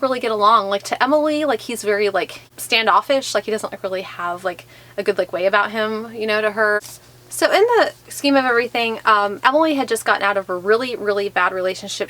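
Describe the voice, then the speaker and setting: A woman talks through a book review in an easy, chatty way, dropping "like" into nearly every line. Her voice sits at a plain middle pitch. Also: fairly bright tone. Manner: chatty, heavy use of "like" fillers. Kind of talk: casual video review.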